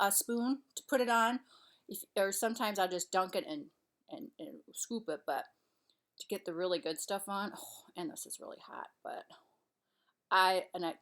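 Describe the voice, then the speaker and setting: A woman's voice: medium pitch, a bit bright. Woman vlogger, chatty and rambling, casual home talk while eating. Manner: chatty, rambling, trailing off and restarting. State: out of breath. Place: her home, kitchen and living room couch.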